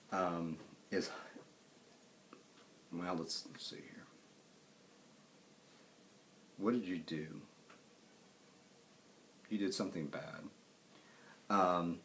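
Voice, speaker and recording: Male college lecturer, deep voice, loose and rambling, jokes with the class. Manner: rambling, halting, with many fillers and restarts; casual and joking with students.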